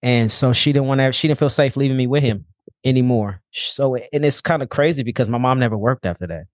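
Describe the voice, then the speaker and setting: A man's voice: mid-range voice, fairly quick, no echo, studio quality. A young man speaking as a podcast guest, telling a personal story bluntly and casually, with frequent swearing.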